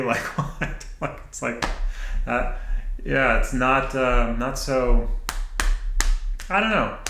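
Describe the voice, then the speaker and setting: A man's voice: mid-range voice, pushed and bright, echoey room, low-quality recording. A man hosting his own channel, rambling in an unedited monologue, self-mocking and laughing often as he talks back to his own thoughts. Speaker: channel host. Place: indoor room, sitting at camera.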